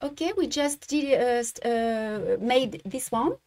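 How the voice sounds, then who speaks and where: A woman from France with a French accent, a native French speaker, teaching embroidery in a live-streamed tutorial and often halting to search for English words. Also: fairly high pitch, animated, darkish tone.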